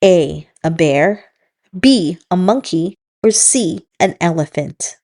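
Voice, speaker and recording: A woman hosting a children's read-aloud, telling the story in a slow, encouraging teacher's manner. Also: on the low side, animated, darkish tone. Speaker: children's book reader and host.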